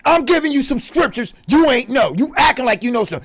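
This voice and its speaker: A man's voice: very high voice, expressive, brisk, fairly bright tone. A man delivering a profane, confrontational religious rant as a vlogger. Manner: profane, aggressive, preachy.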